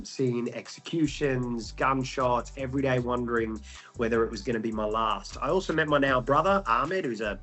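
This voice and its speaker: A man's voice: mid-range voice, sharp tone. A young man with an Australian accent, telling his story as a guest in an interview, joking often and filling with ums and restarts. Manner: jokey, many ums and restarts.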